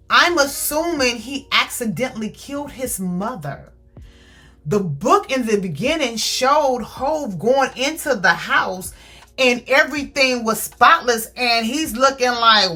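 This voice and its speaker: A woman giving a casual, animated book review, retelling the story with acted quotes. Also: on the high side, slow, soft background music.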